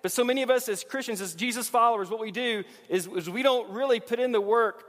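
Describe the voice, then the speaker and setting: A man in his thirties preaching a sermon as pastor, swinging between loud rising emphasis and quiet, low intensity. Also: fast, long reverb tail.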